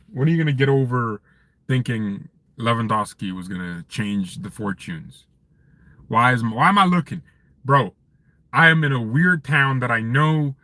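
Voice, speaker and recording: A man hosting a fan channel live stream from his parked car, chatting casually with viewers in an animated, joking, ranting way. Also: fairly low pitch, dry recording.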